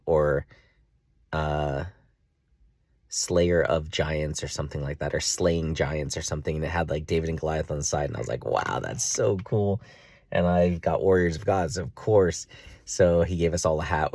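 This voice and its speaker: A man telling a long personal story in a casual vlog, rambling with many fillers and jumping into a high, excited voice when he acts out his own reactions. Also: no room sound, clean studio sound. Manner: jumps to a high excited pitch when reenacting himself. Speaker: vlogger.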